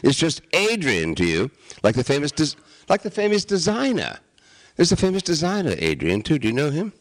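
A man's voice: a little high, huge pitch swings, fairly quick. A man, a guest actor, joking and rambling theatrically in a playful interview. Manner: jokey, rambling, theatrical, breaks into rap. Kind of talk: playful comic interview banter.

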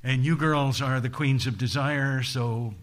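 A man's voice: medium pitch, steady tone, measured pace, lightly acted. A man doing a grumbling greedy demon king. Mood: wheedling.

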